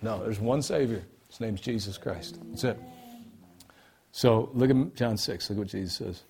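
A man with a husky, somewhat breathy voice preaches a sermon. He drops low and quiet, then surges loud and emphatic, repeating his key phrases to press each point home. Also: moderate pace.

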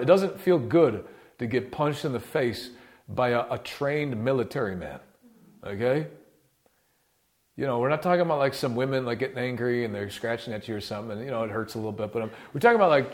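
A man delivers a sermon in a mid-pitched voice, talking casually with plenty of fillers. He drops to hushed, low murmurs, then climbs to loud, impassioned peaks. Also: animated, brisk. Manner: casual slangy preaching with many fillers. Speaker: preacher.

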